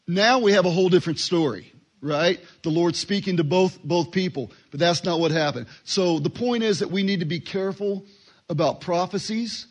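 A man giving a relaxed Bible teaching, talking conversationally and acting out short dialogues. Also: sits high, moderate pace. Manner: conversational, acts out little dialogues, fillers.

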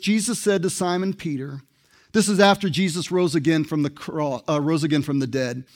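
Guy preaching a sermon, chatty, asks the church questions, pretty high voice. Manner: conversational preaching with rhetorical questions. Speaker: pastor.

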